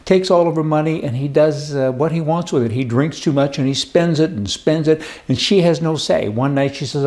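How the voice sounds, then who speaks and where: Folksy joking man with a mellow voice. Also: a little high, normal speed, few pauses. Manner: folksy, joking, opinionated ranting. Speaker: political commentator. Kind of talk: casual opinion monologue with jokes.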